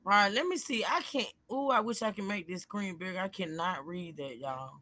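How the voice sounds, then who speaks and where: A man with a bright, forceful voice sitting a little high for a man. He talks straight to his viewers in a loose, chatty way on a casual livestream and reads a post aloud. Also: expressive, brisk. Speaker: livestream host. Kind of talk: casual live commentary, reading a post aloud.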